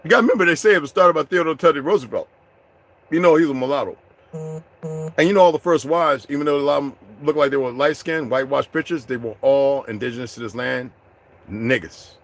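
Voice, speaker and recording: Profane, confrontational man, slightly high voice. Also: fairly quick. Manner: confrontational, profane, swings from low muttering to loud outbursts. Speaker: vlogger addressing his viewers. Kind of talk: unscripted rant to camera.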